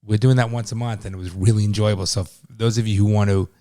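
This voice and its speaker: A man's voice: lowish voice, fairly even intonation, fast, dark tone. A man co-hosting a podcast in casual chat, often chiming in with short repeated agreements. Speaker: podcast co-host.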